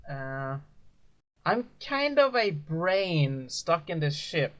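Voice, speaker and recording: A man voicing a woman's brain living inside a spaceship, halting and hesitant. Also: on the high side, big pitch swings. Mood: shy.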